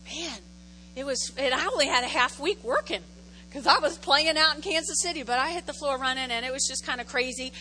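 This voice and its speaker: High bright woman pastor telling stories. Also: brisk, a little hiss or hum, rough recording. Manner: animated storytelling, repeats phrases for effect. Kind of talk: conversational sermon. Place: church sanctuary.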